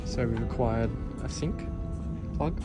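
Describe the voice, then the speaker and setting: A man's voice: medium pitch, a little slow, over loud music. A young man with an Australian accent chatting through a casual fitness vlog in an upbeat, laid-back way, explaining his training. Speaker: fitness vlogger.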